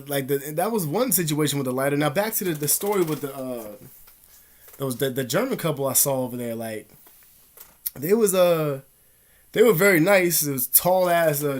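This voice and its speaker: A man vlogging in a rambling, profane, animated storytelling monologue. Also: medium pitch. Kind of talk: casual monologue.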